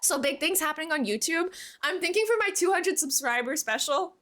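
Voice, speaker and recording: A young woman with a high, bright voice chats casually on a live stream from her room at home. Her pitch swings widely, and she is giggly with hiccups, slipping into baby talk for her cat. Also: lively intonation, brisk.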